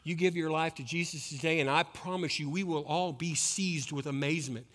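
A man preaching a sermon, swinging between hushed, intense passages and loud, rising exhortation. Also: a little high, fairly quick. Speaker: pastor.

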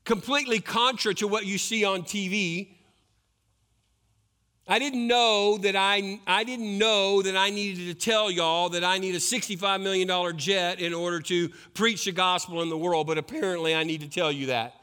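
A man preaching a sermon, swinging between hushed, intense passages and loud, rising exhortation. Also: high-pitched, fairly even intonation, moderate pace, clear, resonant tone. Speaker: pastor.

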